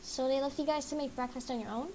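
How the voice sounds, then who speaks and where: A woman's voice: sits high, mellow, slight background noise, rough recording. Breathless woman reading a game aloud. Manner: fast, self-mocking reading. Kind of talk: game dialogue read-along.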